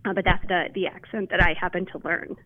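A woman's voice: on the low side, level tone, fast talker, no room sound. A woman calls in to a radio interview, telling her story in a chatty, eager way with frequent restarts. Her voice comes through a thin, tinny phone line. The sound is dry, with no room around it. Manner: chatty, enthusiastic, many restarts. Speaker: interview guest, linguist. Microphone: telephone.

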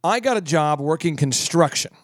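Male podcast host, slightly high voice, dry and close studio sound, jokey storyteller. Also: normal speed, no room sound. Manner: animated, jokey, does voices. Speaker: podcast host, business coach. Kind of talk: casual storytelling chat.

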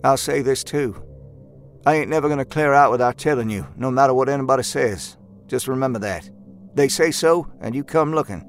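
An actor playing a jittery, eager young male miner who talks in a folksy backwoods dialect with hushed urgency. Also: mid-range voice, a little fast, soft background music, lightly acted. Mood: earnest. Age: young adult. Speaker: character in an audio drama. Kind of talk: audio drama acting.

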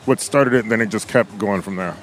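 A man being interviewed, telling stories in a lively way and acting out other people's lines. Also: fairly quick. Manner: animated storyteller, acts out quotes in a higher voice. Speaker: podcast guest. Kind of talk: casual interview chat.

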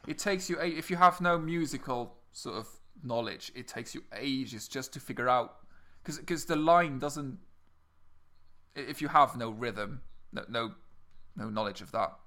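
A man's voice: mid-range voice, a little slow, sharp tone. A young man co-hosting a casual podcast chat, stammering and repeating words as he explains. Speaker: podcast co-host.

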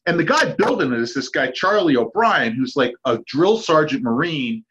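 A fairly high-pitched man in his fifties spins animated stories, acting out the people in them as he goes. The recording is dull and lo-fi, with the top end muffled. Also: normal speed. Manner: lively anecdotes with acted-out quotes and laughs. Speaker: guest, park founder's son. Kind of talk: animated storytelling.

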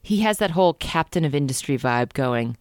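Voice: mid-range voice, animated, fairly quick, no room sound, clean studio sound. A podcast co-host reading a romance novel aloud in a casual, comedic way, giggling and stumbling over words.

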